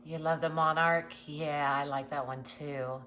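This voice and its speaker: A woman's voice: low voice, steady tone, measured pace, fairly bright tone, slight background noise. A woman hosting a casual craft livestream, greeting viewers and chatting with many ums and restarts. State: nervous.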